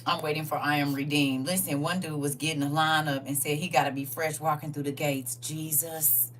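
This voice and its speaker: Livestream host, woman, bright tone, animated and slangy with chat. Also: deep voice, brisk, far from the mic, slight background noise. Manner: animated, laughing, talks back to chat with slang. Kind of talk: casual livestream chat reading viewer comments.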